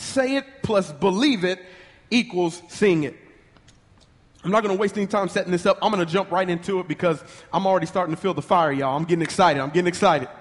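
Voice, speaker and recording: A high-pitched man delivers a fervent sermon, rallying the crowd in call-and-response. He speaks in quick bursts, stumbling and restarting as his excitement builds. His voice rings out with the long reverb of a large hall. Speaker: preacher.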